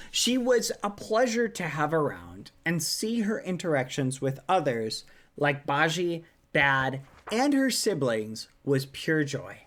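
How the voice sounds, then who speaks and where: Slow, lively-voiced woman streamer. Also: low-pitched. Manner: soft, affectionate, laughs often. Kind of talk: reading fan messages aloud on a livestream.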